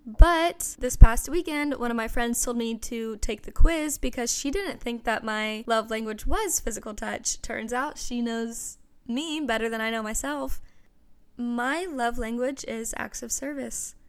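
Young woman, casual podcast chat, earnest, smooth clear voice, raised pitch. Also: a little slow. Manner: chatty, earnest and gushing, with frequent "you know". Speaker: podcast host.

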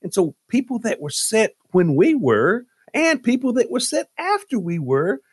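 A man's voice: high voice, very animated, moderate pace, husky, no echo, clean studio sound. A man telling a comic story on a radio show, dramatic and exasperated as he relives it. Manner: dramatic, jumps into loud exasperated retellings.

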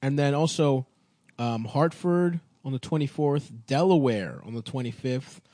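A man's voice: mid-range voice, unhurried, mellow, no echo. Crude, joking male podcast host. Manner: crude, joking, rattles off tour dates. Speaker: podcast host and touring comedian. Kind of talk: casual comedy podcast banter.

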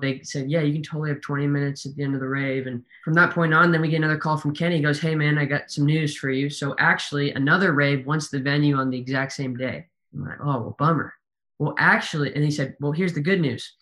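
A man's voice: a little high, pushed and bright. A young man casually retelling events as a podcast guest, quoting what others said. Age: young adult. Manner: casual, quick retelling with quoted dialogue. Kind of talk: storytelling in conversation.

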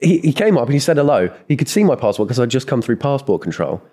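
An English man chatting as a podcast guest, his pitch swinging freely as he tells a story. He keeps insisting on his own version and his wording. His voice sits at an ordinary middle height for a man. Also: big pitch swings, fast talker, dark tone, husky. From England. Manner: defensive anecdote teller, insists on his wording. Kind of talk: casual chat.

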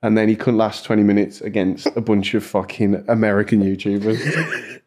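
A man's voice: on the low side, steady tone, moderate pace, darkish tone. A young man, a podcast guest chatting casually, crude and joking, laughing often.

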